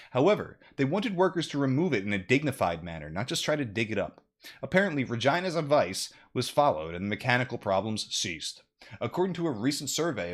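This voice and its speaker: A man in casual podcast chat, reading strange news stories aloud with profane jokes. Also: lowish voice.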